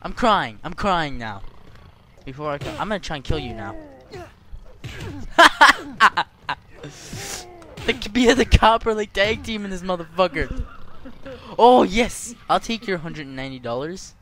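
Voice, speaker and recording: A man's voice: high-pitched, animated, brisk. A young man doing gameplay commentary, cursing and trash-talking the characters on screen. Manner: profane, trash-talking, yelling at game characters. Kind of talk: let's play commentary.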